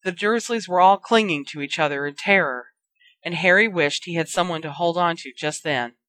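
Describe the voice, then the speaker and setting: A narrator reading a fantasy fan fiction story aloud in a steady, dramatic way. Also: mid-range voice, normal speed, no room sound.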